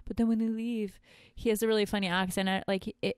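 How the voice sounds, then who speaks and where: Smooth-voiced woman telling frank stories. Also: mid-range voice, little pitch movement, quick pace, hardly any pauses, a little mellow, dry recording, clean studio sound. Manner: frank, profane storytelling with frequent laughs. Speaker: podcast co-host. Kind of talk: casual podcast chat.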